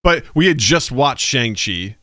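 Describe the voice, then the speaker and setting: Animated bright-voiced podcast host. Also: male voice, medium pitch, unhurried, dry recording, studio quality. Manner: animated storyteller, acts out family voices, swears freely. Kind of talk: casual chat.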